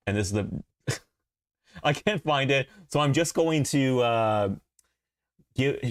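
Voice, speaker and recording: A man chatting casually on a live stream, rambling with fillers and often laughing, his voice leaping up high whenever he gets excited.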